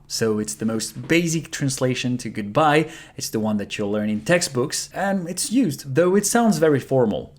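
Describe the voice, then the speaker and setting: A man, a native French speaker, teaching a lesson on saying goodbye and repeating each word slowly to show how it sounds. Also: mid-range voice, darkish tone. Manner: slow repeated demonstrations of pronunciation. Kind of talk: language lesson.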